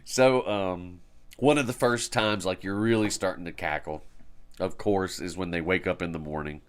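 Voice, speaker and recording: A man's voice: deep voice, fairly even intonation, normal speed, clear, resonant tone. A man co-hosting a podcast, chatting casually about a comedy movie, laughing often and acting out quoted lines. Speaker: podcast co-host.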